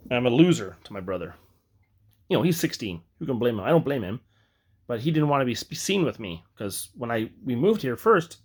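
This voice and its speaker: A man from Ireland telling a personal story in a rambling, reflective way, often breaking off to correct himself. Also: mid-range voice. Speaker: vlogger.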